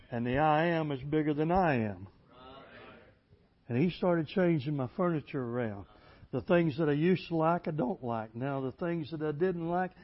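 A man preaching a folksy storytelling sermon, plainspoken and building to loud, emphatic passages. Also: on the high side. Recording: dull lo-fi recording.

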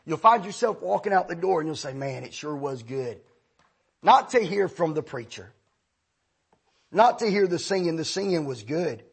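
A man preaching a sermon, telling a story and then leading the room in hushed prayer. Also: fairly high pitch, expressive, normal speed, creaky, breathy edge.

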